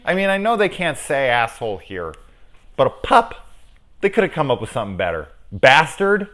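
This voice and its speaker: A middle-aged man giving a casual, profane film review, animated and acting out lines as he goes. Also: on the high side, moderate pace.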